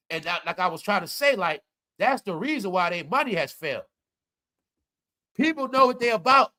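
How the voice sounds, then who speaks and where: A man hosting a live commentary stream, talking straight to his viewers in an animated, preachy way. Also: high voice, moderate pace. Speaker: commentary livestream host.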